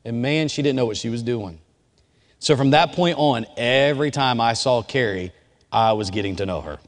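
A man's voice: mid-range voice, moderate pace. Man preaching casually in a reverberant hall. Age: adult. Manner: informal, storytelling, speaks directly to the audience. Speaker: chapel speaker. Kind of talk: conversational sermon with personal story.

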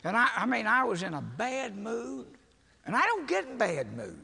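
An older man, preaching as a folksy, animated storyteller who laughs at his own jokes. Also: extremely high pitch, normal speed, gravelly, husky. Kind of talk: storytelling sermon. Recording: echoey hall with long reverb.

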